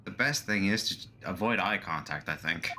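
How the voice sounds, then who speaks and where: A man's voice: sits low, animated, moderate pace, noisy background. A man voicing a polite, nervous young male lawyer in a game, hesitant and stammering. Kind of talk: fan voice acting of a game.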